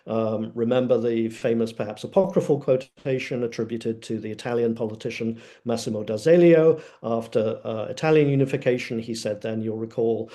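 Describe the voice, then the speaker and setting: A man's voice: mid-range voice, a little fast, few pauses, warm tone. A man speaking as a panelist in an academic webinar, lecturing emphatically with frequent filler sounds.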